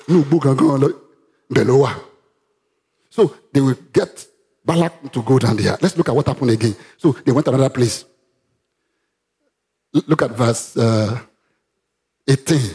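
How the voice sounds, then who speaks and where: A man with a Nigerian accent preaching a sermon, reading Bible verses aloud and breaking into sudden loud, animated rises. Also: mid-range voice. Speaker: pastor.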